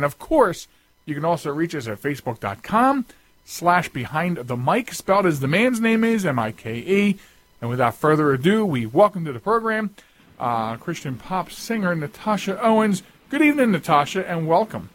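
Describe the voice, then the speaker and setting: A man's voice: a little high, very animated, moderate pace, dry recording. A man hosting a radio talk show, chatting casually and rambling with lots of restarts and asides.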